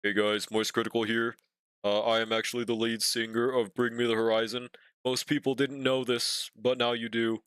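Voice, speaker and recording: A man doing a low, flat, deadpan impression of an online personality. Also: normal speed, clean tone, no echo, lightly acted.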